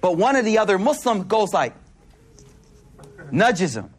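A man giving a sermon to a live audience, telling stories in an animated way, laughing as he goes, and using casual slang with lots of repeated words. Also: high-pitched, unhurried, slightly rough. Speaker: Islamic speaker.

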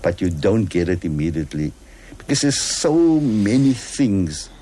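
A man with a low, mellow voice, talking patiently on a radio show. He explains step by step, stopping often to check that the listener follows. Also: very animated, measured pace, husky. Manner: patient, explains with examples and checks "all right?". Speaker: guest.

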